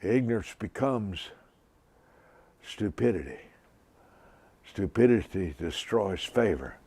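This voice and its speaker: A man in his seventies preaching a sermon slowly and emphatically, repeating key lines. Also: lowish voice, animated, vocal fry, warm tone, husky. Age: 70s. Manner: slow, emphatic preaching with repetition.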